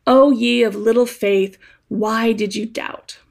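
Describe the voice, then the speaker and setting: A kind, gently teasing man, as a woman speaker quotes him, speaks tenderly and with encouragement. His voice sits fairly high with a gravelly fry, and the pace is slow. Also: steady tone. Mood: gentle.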